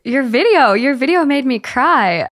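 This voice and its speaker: A woman's voice: high-pitched, lively intonation, a little slow, fairly bright tone. Earnest emotional woman podcast guest. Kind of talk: casual interview.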